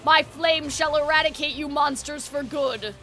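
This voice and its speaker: A woman voicing a stern, high-strung male mage, reading game dialogue aloud in a solemn, formal, slowed manner. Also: over music, lightly acted. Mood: grimly resolute.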